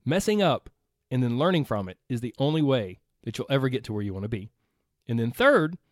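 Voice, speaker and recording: A man's voice: medium pitch, darkish tone, dry recording, studio quality. A man coaching listeners through an earnest, conversational motivational talk, repeating phrases for emphasis. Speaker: health and weight-loss coach.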